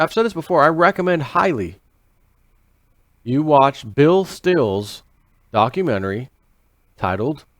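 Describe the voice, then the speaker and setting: Male vlogger, average pitch, animated rhetorical explainer, dry recording. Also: no echo. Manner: animated, rhetorical, repeats phrases for emphasis. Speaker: financial commentary vlogger. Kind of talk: casual explanatory monologue.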